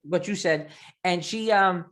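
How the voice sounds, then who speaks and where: A man with a thick Long Island New York accent hosting a casual interview, telling stories in a rambling, animated way. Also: sits high, unhurried. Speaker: podcast host.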